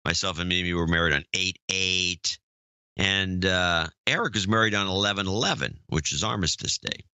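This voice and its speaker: A man's voice: deep voice, normal speed, pushed and bright, clear, resonant tone, no room sound. An older man co-hosting a podcast, chatting casually and reading out listener notes in a dry, offhand way. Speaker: podcast co-host.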